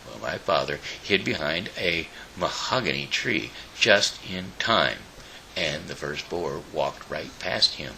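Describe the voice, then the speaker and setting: A man hosting his own show, reading a children's storybook aloud in a halting way with small slips. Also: very deep voice, lively intonation, vocal fry, pushed and bright, a little hiss or hum, rough recording. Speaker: show host.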